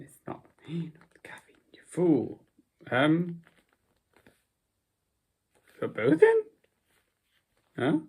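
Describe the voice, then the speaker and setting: Drowsy, rambling young vlogger. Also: slightly rough. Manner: drowsy, rambling, mumbles then perks up in sudden high bursts. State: sleep-deprived and tired. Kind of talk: casual rambling vlog.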